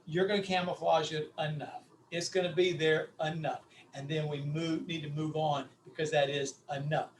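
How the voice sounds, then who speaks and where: A man's voice: fairly high pitch, flat delivery, moderate pace, few pauses, recorded from a distance, slight background noise. A middle-aged man, coaching on public speaking in an emphatic, repetitive, punchy style over a video call. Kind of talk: animated coaching talk.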